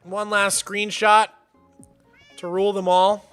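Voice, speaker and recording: A young man chatting casually while hosting a game stream, excitable and playful, greeting viewers by name. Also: high voice, slow, clear, resonant tone, faint music behind. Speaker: livestreamer and server host.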